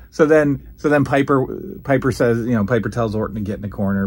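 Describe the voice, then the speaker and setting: A man's voice: mid-range voice, brisk, few pauses, slight background noise. Casual man commenting over old footage. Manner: excited, acts out quoted lines loudly. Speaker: retro wrestling reviewer.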